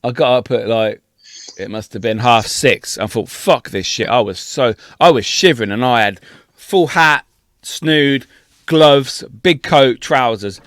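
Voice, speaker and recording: A man's voice: medium pitch, unhurried, a bit bright, no room sound, clean studio sound. A young adult man, a podcast co-host, telling a long anecdote in casual chat, full of swearing.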